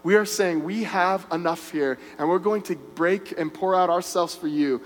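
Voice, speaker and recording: A man's voice: high-pitched, normal speed, long reverb tail. A man preaching a sermon, telling a story earnestly with frequent restarts and fillers. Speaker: pastor.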